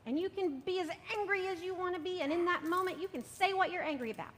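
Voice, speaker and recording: Woman, children's sermon leader, high and gentle, coaxing; church reverb, faint rumble. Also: fast. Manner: gentle, coaxing, often asks "right?". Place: church sanctuary.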